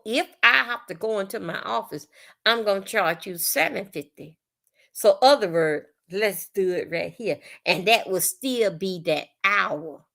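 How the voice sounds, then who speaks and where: A woman hosting a casual livestream, talking bluntly and profanely in an animated, storytelling way. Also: mid-range voice, creaky. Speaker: livestream host. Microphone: phone or webcam on livestream.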